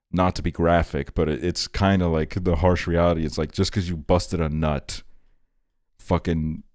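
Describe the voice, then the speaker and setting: Super deep voice, chill twenty-something dude rambling to chat, dry close mic, kinda tired. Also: male voice, warm tone, dry recording. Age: 20s. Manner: rambling, laid-back, laughs often, talks to chat. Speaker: streamer. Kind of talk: casual late-night stream chat.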